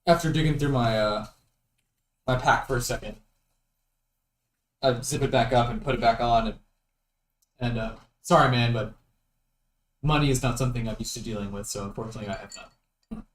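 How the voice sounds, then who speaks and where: A man playing a tabletop game, relaxed and halting, with lots of ums. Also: medium pitch, reverberant, distant mic, slight background noise. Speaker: player. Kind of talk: casual tabletop play on stream.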